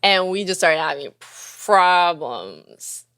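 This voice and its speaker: With a fairly low, smooth voice and a slow pace, this young podcast host and musician tells a profane, animated story. She acts out quoted dialogue as she goes, and the recording is dry and studio clean.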